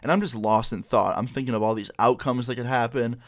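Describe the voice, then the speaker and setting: A man's voice: medium pitch, fairly even intonation, brisk. A young man casually telling a story in a laid-back, slangy way, full of "like" and "you know.". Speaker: vlogger.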